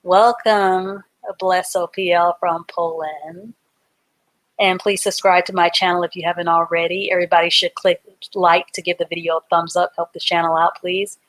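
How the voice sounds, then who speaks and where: A woman's voice: on the low side, flat delivery, moderate pace, fairly bright tone. A woman teaching a live online reading class, patiently spelling words out letter by letter and explaining them simply.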